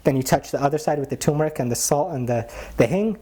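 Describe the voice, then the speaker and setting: A man, a spiritual teacher, telling anecdotes in a casual, animated way, acting out the voices of the people in his stories and often saying "like.". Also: on the high side, fast. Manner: animated, acts out quoted voices, frequent "like" fillers. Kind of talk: casual storytelling talk.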